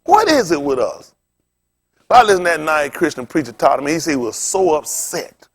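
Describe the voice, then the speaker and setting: Animated preacher man, lively high voice. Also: moderate pace. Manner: animated, acts out voices in stories, laughs often. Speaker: pastor. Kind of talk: sermon with storytelling.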